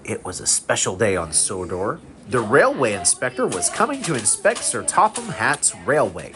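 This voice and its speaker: A father reading a picture book aloud to his son, expressive with small slips. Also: medium pitch, normal speed, hardly any pauses, faint music behind. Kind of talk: bedtime storybook reading.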